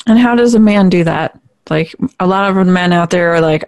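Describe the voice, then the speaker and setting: An interview host who asks questions and keeps affirming the guest. The tone is supportive and engaged, set at a middle pitch. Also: moderate pace, a little mellow, smooth. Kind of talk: conversational interview.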